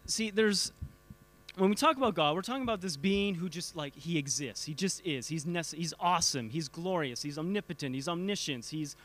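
A man's voice: sits high, a bit bright. A man teaching a church group in a casual talk, often stumbling over and repeating words while quizzing his listeners. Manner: halting, repeats words, asks the audience questions.

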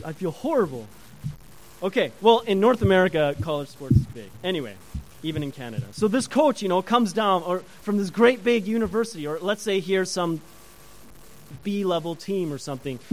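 A man preaches a sermon in a high, lively voice that rises and falls widely. He talks with his congregation and asks them questions as he goes. A faint hiss sits under the recording. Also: poor audio. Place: church before a congregation.

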